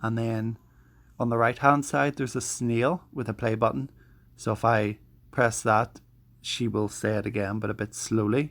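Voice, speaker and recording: A man's voice: mid-range voice, fairly even intonation, normal speed, a bit bright. A man who walks viewers through his study tools in a chatty, self-deprecating way, often restarting his sentences. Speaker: language learner showing study tools. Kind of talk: casual vlog walkthrough.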